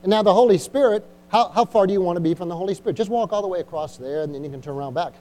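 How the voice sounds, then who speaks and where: High, mellow-voiced man preaching a sermon. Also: racing. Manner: repetitive, exhorting, frequent "Amen?" and "Come on". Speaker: pastor. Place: church.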